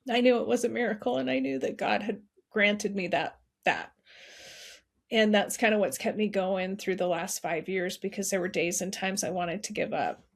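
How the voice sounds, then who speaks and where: A middle-aged woman speaks as a podcast guest, recounting a hard family story. She is earnest and heartfelt and often restarts her sentences. Her voice sits in an ordinary middle pitch. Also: normal speed, creaky. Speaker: podcast guest, nonprofit founder. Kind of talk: emotional personal storytelling.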